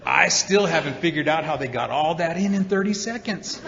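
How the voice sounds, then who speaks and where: A man stands before an audience in a large hall, telling his story with lively energy and acting out the people in it. His voice sits high and sounds bright and forceful. The long reverb of the room and a faint murmur of ambience hang behind it. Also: normal speed, creaky, a little hiss or hum. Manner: animated storyteller, acts out quotes, many repeated 'and's. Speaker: recovery meeting speaker. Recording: dull recording in a hall with reverb.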